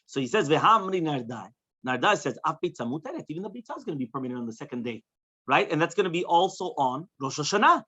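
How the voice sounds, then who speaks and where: A man with a fairly high voice rattles through a Talmud class at a brisk clip. He translates phrase by phrase and checks in with his students as he goes. The dull, lo-fi recording sounds like a class taped in the room. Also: expressive, sharp tone, slightly rough. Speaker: rabbi teaching Talmud. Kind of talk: Talmud study lecture.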